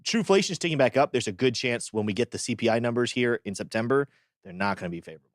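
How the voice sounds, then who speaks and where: A man co-hosting a crypto show in casual chat, teasing his partner in quick back-and-forth banter. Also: mid-range voice, animated, no room sound, studio quality.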